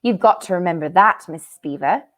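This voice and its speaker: A woman's voice: on the low side, expressive, a little fast, lightly acted. A woman voicing an anxious young girl in a storybook reading, speaking in an urgent, pleading way.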